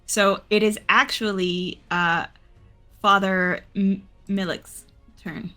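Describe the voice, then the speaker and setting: A woman narrating as dungeon master in a tabletop game. Her voice is bright and her delivery slow and playful, with faint music underneath. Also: mid-range voice, fairly even intonation. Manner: unhurried, laughing, playful narration.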